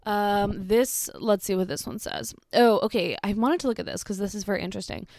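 Woman, blunt and sarcastic commentary, casual delivery, mid pitch, dry close recording. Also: fairly quick, darkish tone, dry recording. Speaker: social media commentator.

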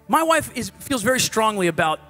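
A man preaching a sermon in a conversational, animated way, swinging from loud exhortation to hushed asides. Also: sits high, brisk, faint music behind.

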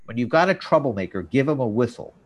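A man hosting a casual talk show, recapping scenes and jumping into quoted lines with an animated delivery. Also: quick pace. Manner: animated, jumps up in pitch for quoted characters. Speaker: podcast host.

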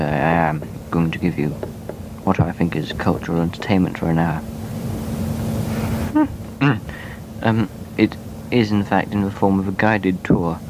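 A man giving a deadpan, self-mocking mock-grand introduction to a show. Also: sits low. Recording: noisy recording with loud ambience.

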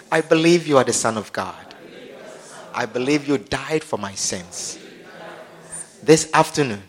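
A man preaching as a pastor, leading an altar call and a prayer in a slow, repetitive, pleading manner. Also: medium pitch, fairly bright tone.

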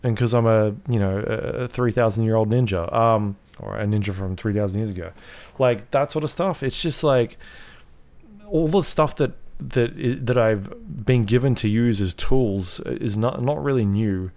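A man's voice: on the low side, normal speed, a little mellow. A man co-hosting a casual podcast, rambling and full of fillers, swearing freely as he talks through his thoughts. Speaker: podcast co-host. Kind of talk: casual chat about video games.

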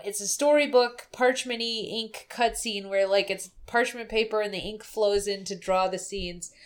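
A woman co-hosting a podcast in casual chat, retelling a scene with quick acted-out quotes. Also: fairly high pitch. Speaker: podcast co-host.

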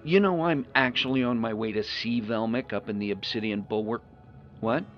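A man's voice: mid-range voice, moderate pace, natural voice. A man voicing a timid, flustered host on a trip, who stammers nervously. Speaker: show host. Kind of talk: one-sided audio role-play. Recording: lo-fi recording with faint music.

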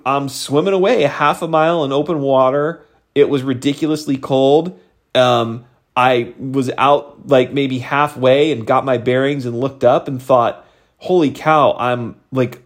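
A man telling a personal story in a casual, animated way, full of fillers. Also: medium pitch. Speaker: vlogger.

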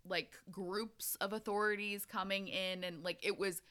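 A woman's voice: mid-range voice, steady tone, unhurried, fairly bright tone. A woman co-hosting a podcast, rambling casually with lots of fillers and swearing. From Pacific Northwest of the US. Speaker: podcast co-host. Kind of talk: casual chat.

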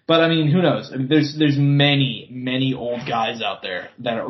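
A man's voice: mid-range voice, dull audio. A man co-hosting a podcast in casual chat, swearing often and repeating words as he thinks. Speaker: podcast co-host. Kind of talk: casual chat about boxing.

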